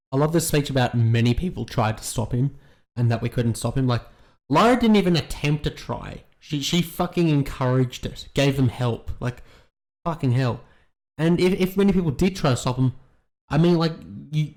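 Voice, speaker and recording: A man's voice: medium pitch, darkish tone. A man giving casual, rambling reaction commentary on a TV episode, swearing a lot and talking bluntly. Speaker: YouTube reaction host.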